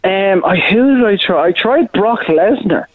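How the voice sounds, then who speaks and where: A man's voice: sits high, lively intonation, unhurried, dry recording. A male impressionist chatting as a guest, rambling with many restarts. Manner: rambling, frequent restarts and "you know". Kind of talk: casual interview chat. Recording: tinny phone-like line, dry.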